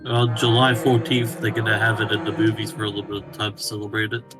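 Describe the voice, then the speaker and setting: Male friend on voice chat, low and monotone, matter-of-fact, game music clearly behind. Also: fast talker. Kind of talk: casual chat.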